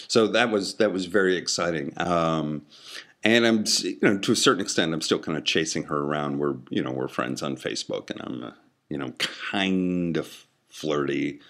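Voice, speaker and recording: A man with a low, deep voice hosting a solo show. He rambles casually, stumbling on fillers and mocking himself. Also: normal speed, a bit bright. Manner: rambling, self-deprecating humor, many fillers and restarts. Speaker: podcast host.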